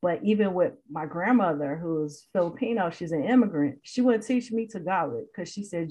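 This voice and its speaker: A woman from Chicago, a podcast guest in casual conversation, animated and quick to laugh. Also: lowish voice, husky.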